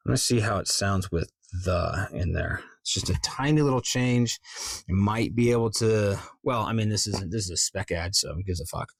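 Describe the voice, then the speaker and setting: A man's voice: lowish voice, moderate pace, gravelly, no echo. A man, a voice actor, thinking aloud as he tries out different readings of an ad script, with casual muttered asides.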